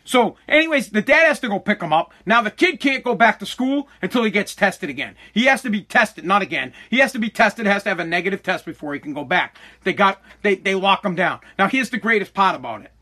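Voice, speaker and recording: A high-voiced man tells a story in a casual, profane rant. His voice is bright and edgy, and he slips into mock voices for the people in his story with open exasperation. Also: expressive, brisk, hardly any pauses. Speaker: father telling a story.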